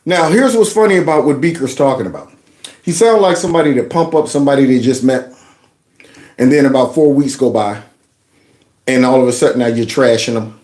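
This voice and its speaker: A man hosting a reaction commentary show, mocking news clips with loud laughter and playful storytelling. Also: medium pitch, a little fast, reverberant.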